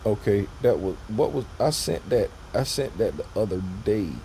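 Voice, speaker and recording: A man's voice: lowish voice, animated, moderate pace, dark tone, slight background noise. A man, talking loosely and repeating himself as he walks viewers through a trading lesson on screen. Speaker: trading educator.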